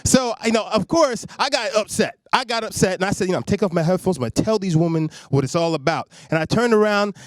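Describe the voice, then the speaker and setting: A man from Long Island, New York, performs a stand-up set on a comedy stage in a studio, loose and conversational, talking straight to the audience. He speaks quickly with few pauses in a high-pitched voice, and the recording is dry and clean.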